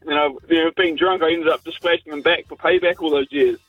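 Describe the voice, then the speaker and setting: A man's voice: fairly high pitch, steady tone, brisk, slightly rough, no room sound, phone-quality sound, soft background music. A man, calling into a radio show and telling a story in a rambling, crude, slangy way. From New Zealand. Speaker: caller. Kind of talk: casual anecdote on talk radio.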